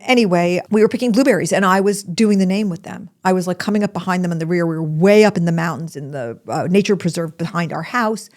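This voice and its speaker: A woman's voice: lowish voice, fast, few pauses, darkish tone. A woman hosting a podcast, telling a personal story in a chatty, rambling way with asides and restarts. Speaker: podcast host.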